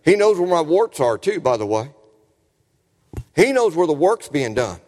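A man's voice: fairly high pitch, very animated, moderate pace, a little mellow. A man preaching a sermon in a folksy, storytelling way, often asking the congregation questions. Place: church sanctuary. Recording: reverberant church hall.

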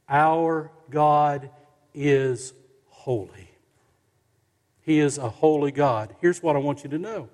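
A man preaching a sermon as pastor, slow and emphatic, with dramatic pauses and rising stresses on key words. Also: a little high, a little mellow, long reverb tail. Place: church sanctuary.

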